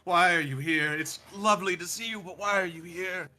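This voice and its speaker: Man putting on a shaky father figure, halting, apologetic, bright and lively voice. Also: mid-range voice, husky, full character voice. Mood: sheepish. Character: shaky-voiced father, a metal-bodied dragon man, sheepish.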